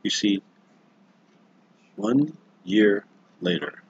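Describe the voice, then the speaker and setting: A man tells an improvised story on a livestream in a casual, rambling way, correcting himself and chatting with viewers. His voice is low with a slightly husky grain. The sound is dull and lo-fi. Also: very slow, no room sound.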